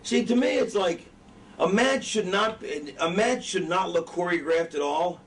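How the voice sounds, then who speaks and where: A man's voice: high-pitched, unhurried. A man lecturing wrestling students in a casual, profane, rambling way, often losing his train of thought. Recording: distant mic with background noise.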